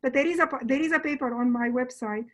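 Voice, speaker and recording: A woman's voice: sits high, fast, low-quality recording. A woman, an invited linguistics speaker, answers questions in an academic Q&A over a video call, thinking aloud with restarts.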